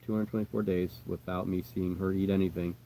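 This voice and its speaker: Low-voiced man chatting on a livestream. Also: flat delivery, a little fast, mellow. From United States. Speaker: tarantula keeper answering live chat. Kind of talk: casual livestream chat.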